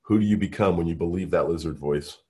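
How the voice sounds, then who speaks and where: Husky low-voiced male workshop leader. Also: fast. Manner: energetic, coaxing, full of questions to the group. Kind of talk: interactive workshop teaching.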